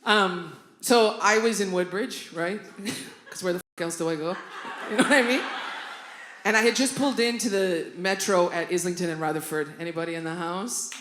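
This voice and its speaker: A woman comedian from Canada performing a stand-up routine on a club stage, animated, with loud outbursts and constant asides to the crowd. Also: lowish voice, moderate pace. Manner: animated, loud outbursts, constant "right?" and "you know what I mean?". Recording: roomy live club recording with noise.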